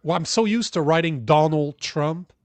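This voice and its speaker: A man's voice: fairly high pitch, normal speed, no echo. A man co-hosting a casual political talk show, crude and mocking, poking fun at himself. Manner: crude, mocking, self-deprecating. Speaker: podcast co-host.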